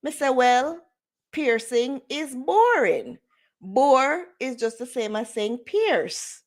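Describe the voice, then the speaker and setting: Slow-talking Jamaican woman chatting live. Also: sits high, big pitch swings. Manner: chatty, mixes in patois, laughs often. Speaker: livestream host. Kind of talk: casual livestream chat.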